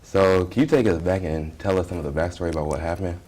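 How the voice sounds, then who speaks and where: A man hosting an interview, giving a measured, dramatic intro and asking simple questions. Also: deep voice, a little mellow, a little hiss or hum. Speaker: host.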